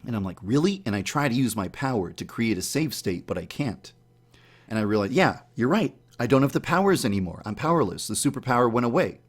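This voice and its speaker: A man telling the story of a dream in a casual, animated way, acting out his own startled reactions in a higher voice. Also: fast, breathy edge. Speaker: YouTube channel host.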